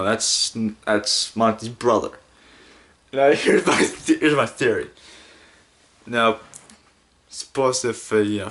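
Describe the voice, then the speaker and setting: Male podcast host, casual monologue, rambling, giggly, mid-pitched. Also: fairly bright tone.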